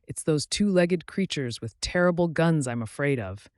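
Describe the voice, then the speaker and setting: A man's voice: fairly high pitch, animated, moderate pace, smooth, dry recording, studio quality, pitched above the performer's own voice, close to an everyday voice. A man voicing an anxious, distrustful female duck far from home, fretful and tearful.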